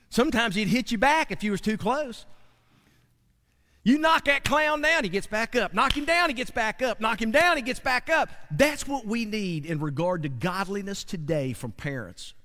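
Preacher guy, high pitched, fired up, asking the crowd stuff, big echoey church. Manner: animated, preachy with call-and-response asides. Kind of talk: sermon. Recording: long hall reverb.

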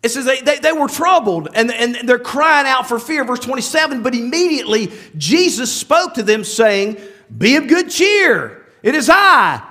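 A man's voice: very high voice, big pitch swings, normal speed, sharp tone. A man preaching a sermon in a conversational way, with many asides and restarts, often asking the listeners rhetorical questions. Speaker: pastor.

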